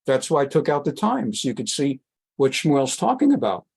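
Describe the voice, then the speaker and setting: A man rabbi giving a Bible study class, reading Hebrew verses and explaining them with animated, emphatic delivery. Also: moderate pace, gravelly, husky. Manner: animated, voice leaps up high for emphasis; winds down quieter for announcements. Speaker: rabbi teaching a weekly class.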